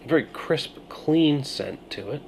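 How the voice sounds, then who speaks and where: A man reviewing a beer on his video channel, musing through his tasting notes with pauses and thoughtful hums. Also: on the high side, expressive, vocal fry, a little hiss or hum. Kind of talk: casual beer review vlog.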